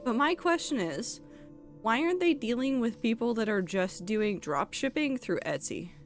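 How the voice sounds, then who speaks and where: A woman's voice: fairly high pitch, animated, moderate pace, faint music behind. A woman streaming a game, chatting casually and rambling with lots of fillers. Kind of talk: casual live-stream chat while gaming.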